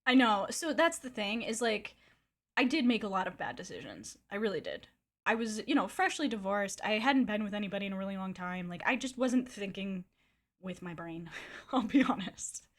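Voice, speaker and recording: A woman streamer telling a wild personal story in a casual, animated way, swearing freely and laughing often. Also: medium pitch, normal speed.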